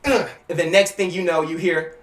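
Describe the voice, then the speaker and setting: A man making casual wrestling predictions in an excitable, slangy way, acting out scenes as he goes. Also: high-pitched, normal speed, reverberant. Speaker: YouTuber giving wrestling predictions.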